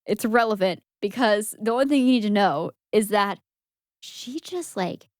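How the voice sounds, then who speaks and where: A woman's voice: medium pitch, lively intonation, moderate pace, no echo, clean studio sound. A young woman co-hosting a podcast, recapping a movie in casual chat, giggling and acting out lines. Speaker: podcast co-host.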